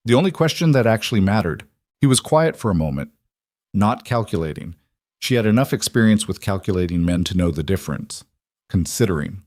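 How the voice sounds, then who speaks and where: Male audiobook narrator, low and steady, dry studio sound. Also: fairly quick, no room sound.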